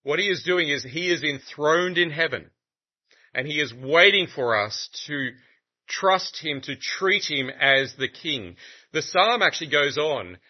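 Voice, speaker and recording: A man preaching a sermon in an animated, conversational way, with humorous asides to the congregation. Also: on the high side, a little slow. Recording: muffled lo-fi recording.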